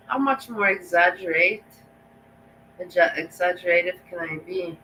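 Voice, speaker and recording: A woman's voice: lowish voice, moderate pace, pushed and bright, slight background noise, poor audio. A woman reacting on a live stream, talking bluntly and emotionally with frequent laughter.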